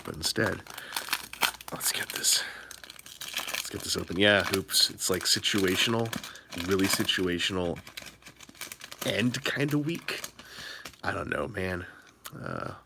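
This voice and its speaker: Speaking slowly with vocal fry and long pauses, a man rambles through a late-night card-pack-opening stream from a hotel room. His manner is low-key and his excitement contained, with background noise audible.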